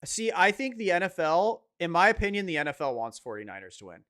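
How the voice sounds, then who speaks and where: A young man in casual sports chat, animated and swearing as he rants about football. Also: high voice, quick pace, no room sound, studio quality. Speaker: podcast co-host.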